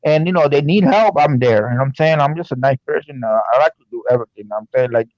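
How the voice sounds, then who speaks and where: A man's voice: mid-range voice, racing, a little mellow, no echo. A man chatting casually as a guest, rambling and padding his talk with fillers. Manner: rambling, many fillers like "you know what I'm saying". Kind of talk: casual chat. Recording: dull muffled dry remote audio.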